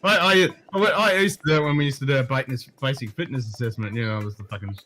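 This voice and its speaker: A man's voice: medium pitch, fast, bright, forceful tone, a little hiss or hum. Swearing man chiming in casually. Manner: swears freely, agreeing and chiming in. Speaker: podcast co-host. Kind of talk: casual pub-style chat.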